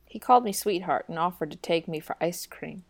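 A woman's voice: on the low side, expressive, a little fast. A young woman co-hosting a casual podcast with dry, wry humor. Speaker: podcast co-host.

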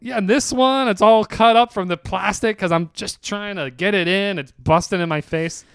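A young man tells a story on his podcast in a lively, animated way, often laughing and playing out the dialogue. His voice is smooth and clear, a little higher than most. The sound is dry and close. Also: moderate pace, dry recording. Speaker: podcast host. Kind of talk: casual storytelling chat.

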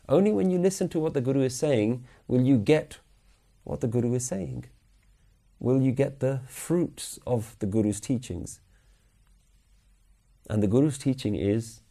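A man giving a Sikh religious lecture at a weekly class, earnestly questioning his listeners and slowly chanting scripture lines. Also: medium pitch, dark tone. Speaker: Sikh teacher.

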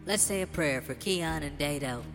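A man voicing a gentle female guardian angel who speaks softly and reassuringly over a music beat. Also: fairly high pitch, normal speed, big-room sound, lightly acted. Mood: soothing.

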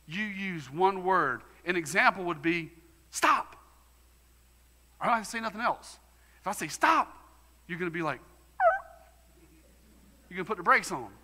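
A man's voice: high voice, bright, forceful tone, in a large hall. A man preaching a sermon as pastor, emphatic and conversational. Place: church sanctuary.

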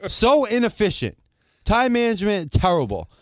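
A high-voiced man co-hosts a casual talk show at a moderate pace, with a crowd audible behind him. He launches into a long, animated rant, acting out both sides of the exchange and swearing casually as he tells the story.

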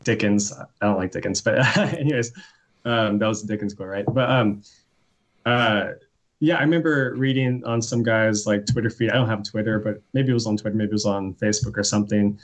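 A man's voice: lowish voice, brisk. A young man, a poet being interviewed, talking casually with many fillers and restarts. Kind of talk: casual conversation.

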